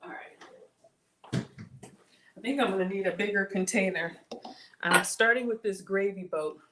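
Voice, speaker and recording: A woman's voice: mid-range voice, a little slow, heavy background noise. A woman hosting a casual live cooking stream, playful and theatrical, breaking into gasps and whispered asides. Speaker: home cook and live-stream host.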